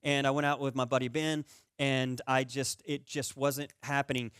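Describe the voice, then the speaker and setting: A man preaching a conversational sermon as pastor, telling stories with animated, comic energy. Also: normal speed, clear, resonant tone, dry recording, clean studio sound. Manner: animated storyteller who gets loud and high-pitched in comic stories.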